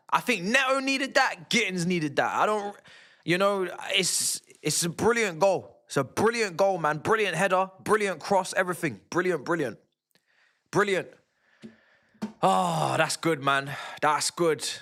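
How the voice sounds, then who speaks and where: Young man, bright sharp voice, streams football watch-alongs, slangy and excitable, shouts at goals. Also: sits high, unhurried. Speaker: fan streamer. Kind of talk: live match watch-along commentary.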